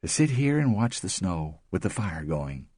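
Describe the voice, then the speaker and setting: A man's voice: low-pitched, very animated, moderate pace, dark tone, no echo, studio quality, pitched above the performer's own voice. Rosemary, anxious young wife, voiced by a man. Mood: wistful.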